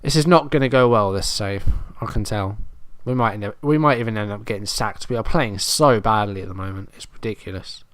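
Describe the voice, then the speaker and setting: A man's voice: fairly low pitch, a little fast, few pauses, fairly bright tone, no echo, studio quality. A man casually commenting on his own football management game, muttering play-by-play and growing exasperated as his team struggles. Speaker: gaming commentator.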